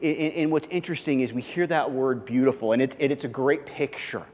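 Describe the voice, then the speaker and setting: A man's voice: brisk, in a large hall. A pastor preaching a sermon, telling the story with animation and often repeating his words. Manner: animated storytelling, repeats words, pitch climbs when excited. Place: church sanctuary.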